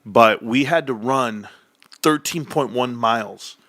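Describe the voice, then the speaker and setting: A man hosting a casual livestream chat from his home desk, animated, swearing and laughing often. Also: medium pitch, slow pace. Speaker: livestream host.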